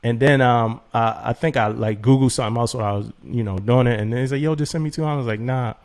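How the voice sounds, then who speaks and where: Slangy, animated man telling a story. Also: mid-range voice, fast. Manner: animated, slangy, laughs often and repeats himself. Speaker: podcast co-host. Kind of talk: casual storytelling chat.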